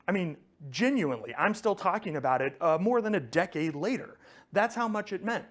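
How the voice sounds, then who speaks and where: Man, somewhat high pitch, conversational teaching talk, storytelling, fillers and restarts. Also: animated, brisk. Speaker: teacher of a faith community.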